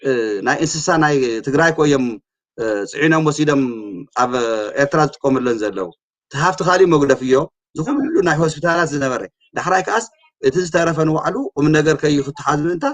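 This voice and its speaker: A man in a casual conversation, speaking indignantly with frequent hesitations. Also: a little high. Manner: rapid, indignant, many hesitation sounds. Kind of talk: casual chat.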